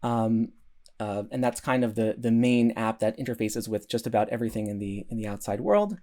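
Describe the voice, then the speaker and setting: A man's voice: lowish voice, a little fast, warm tone. A man giving a recorded conference talk, earnest, with many restarts and fillers. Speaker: conference speaker.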